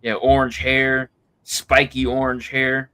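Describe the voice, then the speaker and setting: Bright-voiced blunt man on a stream. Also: mid-range voice, monotone, slow pace, clear, resonant tone, no room sound. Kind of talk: casual livestream chat.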